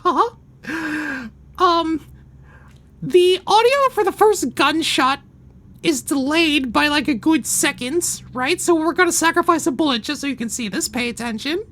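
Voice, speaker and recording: A man putting on a shrill cartoon mouse voice while chatting through game commentary. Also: unhurried, pushed and bright, heavily acted. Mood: chatty. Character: squeaky high cartoon mouse, cheerful male.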